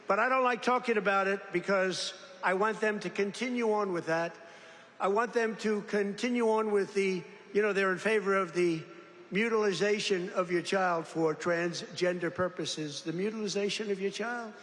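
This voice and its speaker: High-voiced older man rambling at a podium. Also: normal speed, a bit bright. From United States. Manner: rambling, boastful, jokey, breaks into mock voices. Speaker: political speaker addressing workers. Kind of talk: off-the-cuff rally speech. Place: large factory hall, indoors. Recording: echoey factory hall with faint ambience.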